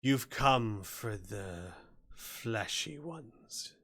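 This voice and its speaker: A hulking armored hobgoblin champion calls out foes in a loud, booming voice, as a man puts him on. He sounds mean and proud, his bright, forceful tone pushed up in volume. The low delivery rolls out slowly and heavily. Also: big pitch swings, full character voice. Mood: booming challenge.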